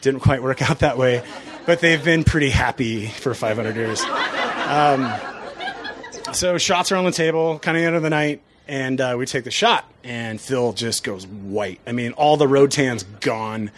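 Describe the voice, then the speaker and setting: A man's voice: medium pitch, measured pace. Chuckling man telling bar stories. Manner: casual, chuckling often, lively storyteller. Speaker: bartender. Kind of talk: storytelling talk to an audience.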